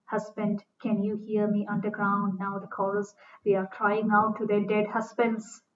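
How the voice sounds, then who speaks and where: A woman's voice: mid-range voice, monotone, normal speed, slight background noise. A woman giving a literature lecture, reading lines from a play aloud and then explaining them in plain words, with fillers and restarts. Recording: dull distant recording.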